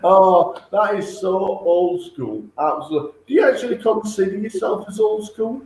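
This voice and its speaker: High-voiced male host, echoey room. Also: normal speed, darkish tone. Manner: encouraging, brief reactions and laughs. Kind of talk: casual interview. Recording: echoey room with faint noise.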